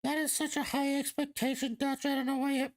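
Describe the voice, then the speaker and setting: Man doing a whiny fan, squeaky falsetto, mocking. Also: little pitch movement, fairly quick. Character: whiny male fan pushing back.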